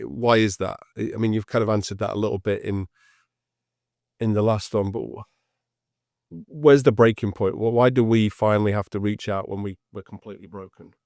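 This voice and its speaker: Low-voiced male host, hesitant rambling questions, dry call audio. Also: darkish tone, dry recording. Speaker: podcast host. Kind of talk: interview. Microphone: video call.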